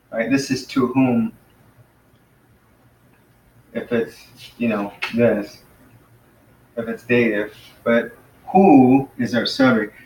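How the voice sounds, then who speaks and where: A man teaching a casual lesson to a class, patiently explaining and slowly sounding out words. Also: medium pitch, a little hiss or hum. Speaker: Greek teacher. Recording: echoey room, mic far off.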